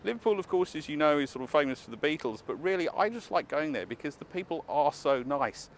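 Walking a city street, a man vlogs casually to camera, chatty and enthusiastic with wry asides. His voice is fairly high, expressive, and fast, with faint street noise outdoors.

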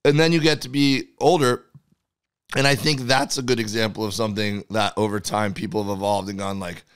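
Male comedy co-host: clear, smooth, dry-miked, stumbling reader with deadpan one-liners. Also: fairly low pitch, fairly quick, no echo. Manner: stumbling read-aloud, deadpan jokes. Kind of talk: casual comedic chat.

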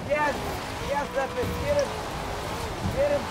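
A player chatting casually and loudly cheering on a chase in a racing game. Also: high voice, level tone, measured pace. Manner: loud, bossy cheering. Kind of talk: casual gaming chat. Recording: loud game noise under the voice. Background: car and engine sounds.

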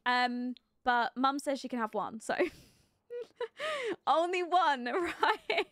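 A woman's voice: high-pitched, lively intonation, extremely slow, a bit bright, no echo, studio quality. A young woman chatting casually while live-streaming a life-sim game, giggly and full of fillers as she greets viewers and reacts to the game. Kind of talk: casual gameplay commentary.

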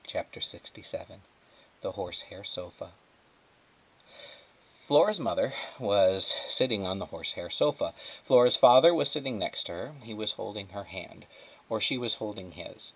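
Low-voiced man reading a storybook aloud. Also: expressive, moderate pace, breathy edge, low-quality recording. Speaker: teacher.

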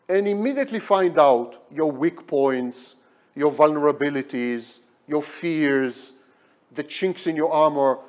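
A man's voice: on the high side, a little mellow. A man lecturing at a hospital, emphatic and repeating key words for effect. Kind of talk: academic lecture.

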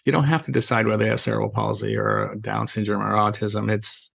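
A middle-aged man speaks as a guest on a podcast in a low, gravelly voice. His pitch stays fairly level as he strings anecdotes together with "you know" and acts out bits of dialogue, and the sound is dry. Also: flat delivery, brisk, fairly bright tone, dry recording. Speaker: podcast guest, safety trainer. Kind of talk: casual conversational storytelling.

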